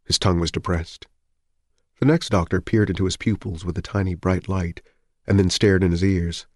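A man with a very low, deep voice reads a novel aloud as an audiobook. His delivery is even and measured, and the recording is close and dry with no room echo. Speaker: narrator. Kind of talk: scripted audiobook narration.

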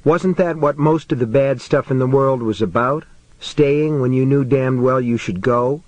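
A man's voice: mid-range voice, unhurried, a little mellow, no echo. Man narrating an audiobook, dry studio sound. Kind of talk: scripted narration of a horror novel.

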